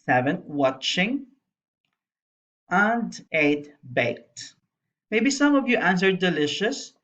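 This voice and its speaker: Slow, patient woman teaching spelling. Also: on the low side, big pitch swings, a bit bright. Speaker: primary school English teacher. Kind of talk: recorded lesson narration. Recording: dull lo-fi voice-over.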